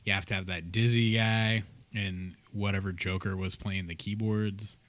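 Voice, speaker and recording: A man's voice: on the low side, fairly even intonation, moderate pace, fairly bright tone, no echo. A man co-hosting a podcast, telling stories in a blunt, sarcastic way with some swearing. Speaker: podcast co-host. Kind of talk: casual storytelling chat.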